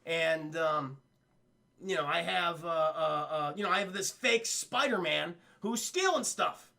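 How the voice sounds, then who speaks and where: A young man recapping a cartoon episode on a livestream, rambling, swearing, and talking to his chat. His voice is high and bright with a gravelly fry. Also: a little slow. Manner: rambling, profane, addresses chat. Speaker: cartoon reviewer streaming.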